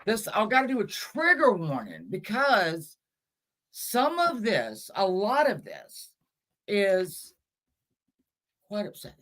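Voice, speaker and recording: A woman's voice: mid-range voice, wildly swooping pitch, slow pace, long pauses, fairly bright tone. A woman hosting a casual livestream, chatting with her viewers in a scattered, chatty way, with cursing and self-mocking asides. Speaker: livestream host.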